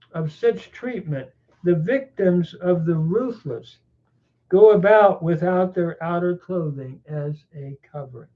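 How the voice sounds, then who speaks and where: A man teaching a Bible chapter verse by verse, reflective and unhurried, pausing often with small fillers. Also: high-pitched. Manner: reflective, with frequent pauses and fillers. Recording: tinny phone-like sound.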